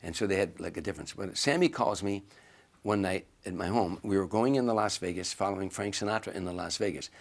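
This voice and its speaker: A man's voice: low voice, fast talker. A man casually telling a story, acting out the quoted lines as he goes. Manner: animated storyteller who acts out quoted lines.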